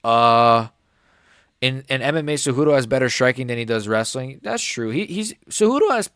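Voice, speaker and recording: A man's voice: medium pitch, level tone, moderate pace, a bit bright, clean tone, no echo, clean studio sound. Casual young man rambling fight talk. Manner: rambling, filler-heavy, says "like" and "bro" often. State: voice cracking upward at times. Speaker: host of a live fight reaction stream. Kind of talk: casual live reaction chat.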